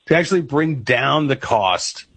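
A man's voice: mid-range voice, expressive, unhurried, fairly bright tone, slightly rough. A man hosting a radio talk show, interviewing a guest and asking questions with many fillers and repeats.

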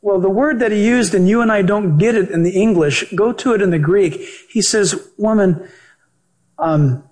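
A male pastor and Bible teacher preaching a sermon in an animated, joking way, acting out the voices he quotes. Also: sits high, fairly quick.

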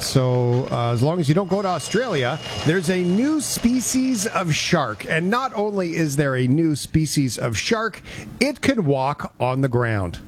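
A man co-hosting a casual chat show, telling stories with animated voices. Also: a little high, noisy background. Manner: animated storytelling, does voices of friends. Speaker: podcast co-host.

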